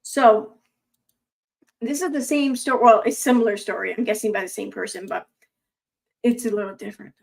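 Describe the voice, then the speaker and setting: Young adult woman, a bit high-pitched, casual commentator. Reads posts aloud, breaks off into sarcastic, rambling asides. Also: fairly even intonation, normal speed, creaky, pauses often.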